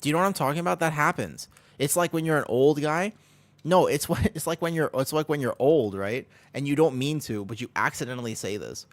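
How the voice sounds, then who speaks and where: Midwestern male streamer, mid-pitched, jokey and upbeat, dry close mic. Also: a little fast, no room sound. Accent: American Midwestern. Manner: upbeat, joking, often laughing, chatting with viewers. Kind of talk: casual live-stream chat while gaming.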